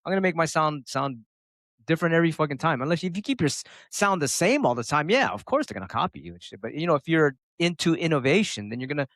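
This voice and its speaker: A middle-aged American turntablist talks casually and profanely as an interview guest, animated and acting out quotes. His voice is a little high and fast, with no room sound.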